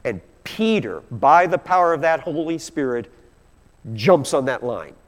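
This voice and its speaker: A man's voice: on the high side, big pitch swings, a little slow. A man preaching a sermon, explaining scripture verse by verse and reading passages aloud with growing intensity. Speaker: pastor. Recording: long hall reverb.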